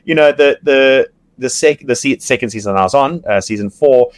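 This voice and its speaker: A man talks casually as a guest, recorded dry and close with no room sound. He is animated, laughing often and swearing, and he restarts his sentences a lot. His pitch sits in the middle for a man. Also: normal speed, no room sound. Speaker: podcast guest, reality TV yacht crew member. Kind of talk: casual storytelling chat.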